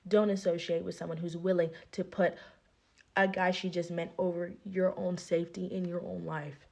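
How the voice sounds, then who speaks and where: Gravelly young woman telling a storytime rant. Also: on the low side, normal speed. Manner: animated, acts out each person's lines.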